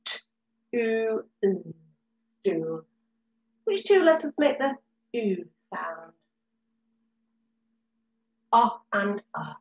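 Slow, patient woman teaching phonics. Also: on the high side, big pitch swings, a little mellow, highs cut off, slight background noise. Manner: slow, clear sounding-out of words for children. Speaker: reception class teacher. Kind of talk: recorded phonics lesson for young children.

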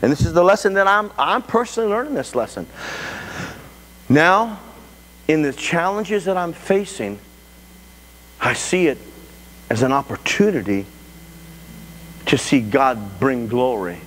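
A man preaching a sermon as pastor to a live congregation, talking in an animated way with frequent restarts. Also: fairly high pitch, unhurried, pauses often. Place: church sanctuary before a congregation. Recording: echoey church hall with faint hum.

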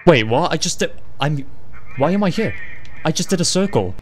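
Excitable sweary man playing a game. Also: on the high side, normal speed. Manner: excitable, sweary, laughs often. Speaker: gamer. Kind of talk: let's play commentary.

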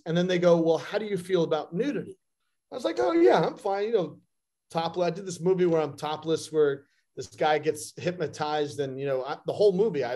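A male actor telling a lively anecdote in an interview, acting out quoted lines. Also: fairly high pitch. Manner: animated storyteller, acts out quotes. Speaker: actor guest.

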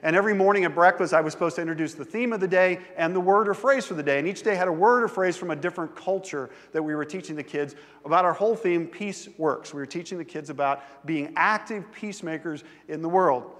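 A man delivers a sermon from the pulpit, talking easily and animatedly with his congregation. His voice sits high for a man. A long reverb trails his words through the large church sanctuary. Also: quick pace, hardly any pauses. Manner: conversational, animated preacher who involves the congregation. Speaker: pastor.

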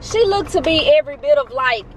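A woman in her early forties telling a casual storytime vlog, candid and animated, quick to vent. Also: high-pitched, a little hiss or hum. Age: 40s. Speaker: vlogger.

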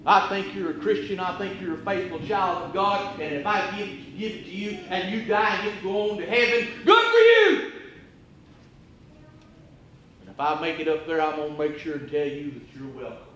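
Fiery high-voiced preacher, echoing church. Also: male voice, fairly even intonation, a little fast, hardly any pauses, a little hiss or hum. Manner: impassioned, rhetorical questions, swings from hushed to near-shouting. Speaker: evangelist preacher. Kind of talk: sermon. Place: church auditorium. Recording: echoey church room with faint ambience.

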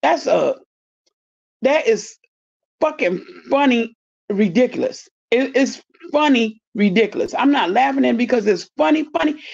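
Indignant woman with a gravelly voice. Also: a little high, lively intonation, measured pace, darkish tone. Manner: indignant, blunt, swears freely. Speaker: commentary vlogger. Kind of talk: casual commentary. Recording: dull lo-fi audio.

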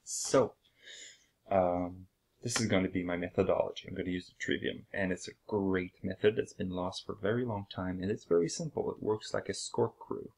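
A man speaking English with a French accent, his voice low and gravelly with plenty of vocal fry. He hosts his own channel in a casual, hesitant monologue, pausing on fillers and speeding up and slowing down as he explains. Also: darkish tone. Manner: hesitant, many fillers, uneven pace. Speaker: channel host.

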